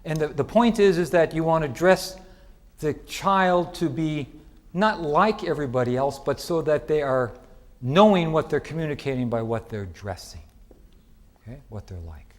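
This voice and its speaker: A middle-aged man giving a conference lecture in a lively, chatty way, asking the audience questions. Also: on the high side, normal speed. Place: lecture hall.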